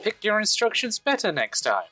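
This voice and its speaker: A man's voice: high-pitched, huge pitch swings, normal speed, sharp tone, soft background music, pitched above the performer's own voice, exaggerated voice, poor audio. A man voicing a flippant, secretive female ally in a tabletop game, speaking dismissively.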